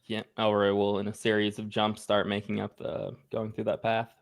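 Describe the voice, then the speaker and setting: A man in a tabletop game session eagerly describing his character's moves. His voice is low. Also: monotone, normal speed, vocal fry. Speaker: player.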